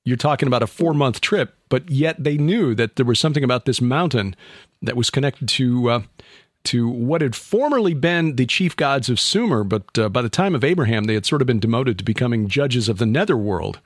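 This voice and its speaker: A man in a middle pitch hosting a podcast. He builds up long, informed questions before handing over to his guests. His voice is dry and close, with no room sound. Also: animated, fairly quick, dry recording. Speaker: podcast host. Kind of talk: casual podcast discussion.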